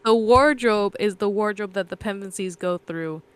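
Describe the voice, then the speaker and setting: A woman's voice: medium pitch, normal speed, clean tone. A woman co-hosting a podcast, casually retelling a story in a loose, rambling way with fillers and self-corrections. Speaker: podcast co-host.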